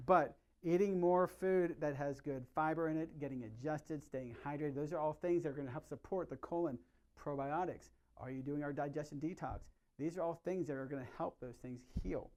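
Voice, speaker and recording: Upbeat middle-aged man, fairly high voice. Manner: energetic, conversational, asks the audience questions. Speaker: chiropractor giving a health talk. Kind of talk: live workshop talk to patients.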